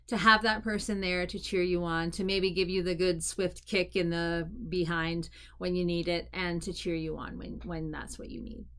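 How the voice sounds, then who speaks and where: A woman's voice: fairly low pitch, sharp tone. A woman vlogger talking casually to camera, giving candid, encouraging advice with frequent restarts and fillers. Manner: encouraging pep-talk tone. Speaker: mental health vlogger.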